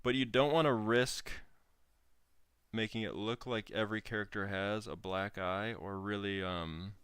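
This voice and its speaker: A young man talks viewers through a drawing in an unhurried, easygoing way, chatting as he works. His voice sits a little low and comes across smooth and clear. The sound is close and dry, with no room around it. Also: steady tone, fairly bright tone, no echo. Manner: easygoing, chats with viewers while working. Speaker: streamer teaching drawing. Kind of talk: laid-back livestream drawing commentary.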